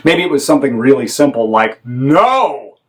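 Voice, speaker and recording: A man teaching theater directing in a measured, demonstrative way, now and then acting out sample lines. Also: medium pitch, lively intonation, poor audio. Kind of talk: instructional talk on directing.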